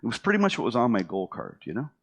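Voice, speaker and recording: This is a gravelly, slightly rough, medium-pitched man's voice delivered rapid-fire. The middle-aged speaker casually relates his own story, animatedly performing what others said to him with lots of fillers and restarts.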